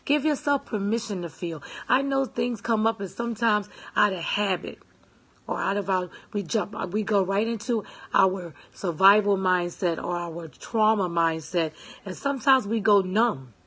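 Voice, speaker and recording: A woman's voice: medium pitch, normal speed, fairly bright tone, husky. A woman giving a casual motivational talk, stressing and repeating her points and checking in with her listeners. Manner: emphatic, repeats phrases, checks in with "okay?" and "right?"; greets live viewers. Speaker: self-help speaker.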